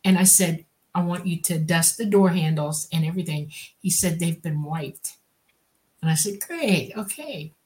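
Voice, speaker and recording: Low-voiced woman telling a dramatic story. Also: steady tone, normal speed, warm tone. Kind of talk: casual storytelling.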